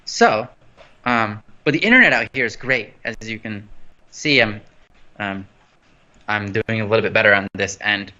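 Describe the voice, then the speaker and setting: A man's voice: lowish voice, moderate pace, long pauses, pushed and bright. A man hosting a casual livestream over his phone from an empty new house, rambling playfully and losing his train of thought. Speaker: host. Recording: slightly dull lo-fi phone stream audio.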